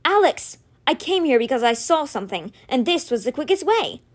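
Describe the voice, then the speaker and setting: A woman reading aloud, voicing a scared, defensive teenage boy who strains to stay calm. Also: sits high, normal speed, pitched above the performer's own voice.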